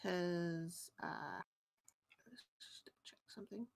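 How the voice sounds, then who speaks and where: A woman running a tabletop game as game master, narrating in a relaxed, descriptive way. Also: fairly low pitch, slow, vocal fry.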